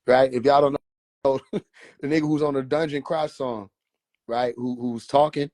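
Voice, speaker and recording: A man with a fairly high voice tells a casual, profane story on a phone livestream and breaks into laughter often. The sound is close and dry, with no room around it. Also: very animated, normal speed, long pauses, a little mellow, no echo. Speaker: livestream host.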